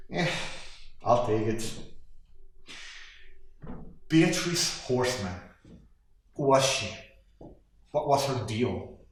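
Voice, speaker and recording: An actor playing a cynical, washed-up male horse, a former sitcom star, delivering a sardonic, deadpan eulogy monologue. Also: medium pitch, natural voice. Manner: sardonic, deadpan, self-deprecating. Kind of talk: comic monologue performance. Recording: very echoey room.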